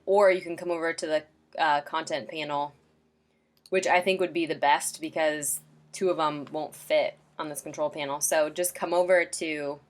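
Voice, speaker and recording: A woman casually walking a client through website templates in a screen-share tutorial, chatty and loose with lots of ums and likes. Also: sits low.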